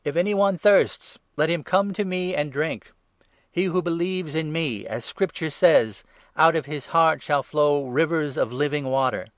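A man reading the words of Jesus as a solemn male teacher in a measured way, louder and higher on key phrases. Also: no echo, studio quality, close to an everyday voice. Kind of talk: scripture reading.

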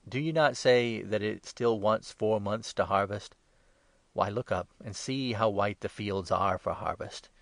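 Jesus, read by a man, calm and grave. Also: on the low side, unhurried, gravelly, dry recording. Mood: earnest. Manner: calm, earnest and instructive. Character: calm, authoritative male teacher Jesus. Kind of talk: scripted Bible reading.

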